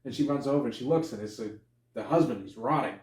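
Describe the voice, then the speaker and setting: Animated, swearing man in an echoey room. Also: fast. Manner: animated retelling, acts out characters with sudden high yelps, swears freely. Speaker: podcast co-host. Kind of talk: casual movie review chat.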